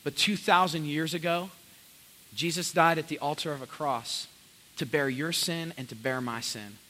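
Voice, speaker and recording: Young male pastor, high bright voice, animated sermon storyteller. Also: slight background noise, low-quality recording. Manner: energetic storytelling with quick voiced asides.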